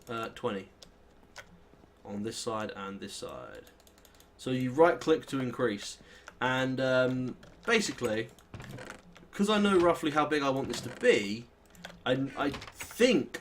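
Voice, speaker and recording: Rambling British lad narrating gameplay. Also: male voice, mid-range voice, lively intonation, unhurried, slight background noise. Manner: rambling, self-deprecating, thinks aloud while playing. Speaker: let's play host. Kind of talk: casual gameplay commentary.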